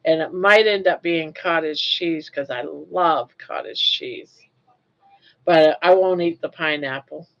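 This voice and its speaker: An older woman hosting a casual live chat, chatty and unhurried, who coos at her pet in a doting voice. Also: sits low, a bit bright, dull audio. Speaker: livestream host.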